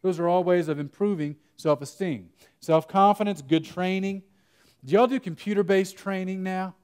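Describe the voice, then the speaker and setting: A man presenting at a conference workshop in a slightly higher voice than most men. He talks casually and tells stories, often restarting his sentences. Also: normal speed, darkish tone, clear, resonant tone. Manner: conversational, storytelling with self-interruptions and laughs. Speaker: workshop speaker. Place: conference room.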